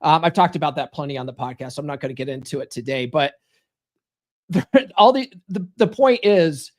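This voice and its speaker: A man's voice: on the high side, expressive, a little fast. A man hosting a podcast, talking casually and bluntly, swearing and tossing in "right?" and "okay?" as he goes. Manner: blunt, profane, keeps checking in with "right?" and "okay?". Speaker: podcast host. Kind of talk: casual monologue to a live chat.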